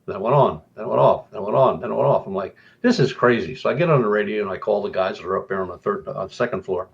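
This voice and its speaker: A middle-aged man telling a haunted-house story casually on a radio talk show, voice jumping up when excited. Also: rapid-fire, vocal fry. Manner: animated, rising high when excited. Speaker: guest storyteller. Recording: dull lo-fi radio call audio.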